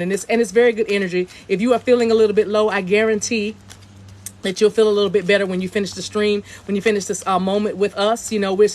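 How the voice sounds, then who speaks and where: Chatty woman giving a spiritual reading. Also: medium pitch. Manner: chatty, repeats phrases, chants in light language. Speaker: spiritual reader. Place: outdoors on her deck.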